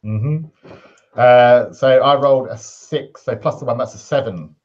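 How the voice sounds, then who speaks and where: A man's voice: medium pitch, measured pace, muffled recording. A man playing a tabletop game, talking in a laid-back way. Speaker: player. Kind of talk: casual tabletop game play.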